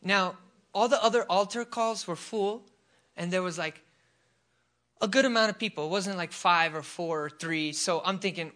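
High-voiced man preaching a fervent sermon. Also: moderate pace, pushed and bright. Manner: fervent, storytelling with casual fillers. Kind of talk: sermon with testimony. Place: church service.

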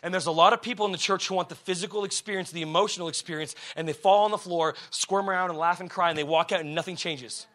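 A fiery male preacher with a high voice delivers a sermon in a church, talking to the congregation in loose, slangy language. He swings from ringing shouts to quiet, close words and keeps asking the crowd if they are ready. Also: fast talker, few pauses. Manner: energetic, swings from shouting to hushed talk; slangy and conversational, asks the crowd questions.

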